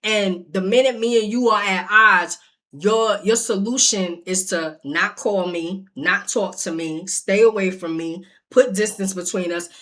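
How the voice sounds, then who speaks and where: A woman's voice: mid-range voice, a little slow. A young adult woman telling a personal story in a casual vlog, blunt and profane, talking straight to her viewers. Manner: blunt, profane, animated, addressing viewers directly. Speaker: storyteller vlogger.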